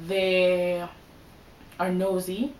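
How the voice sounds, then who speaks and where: A woman's voice: fairly low pitch, completely flat delivery, very slow, echoey room, rough recording. A young woman giving casual advice in a vlog, chatty and full of "like" and "you know". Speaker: vlogger.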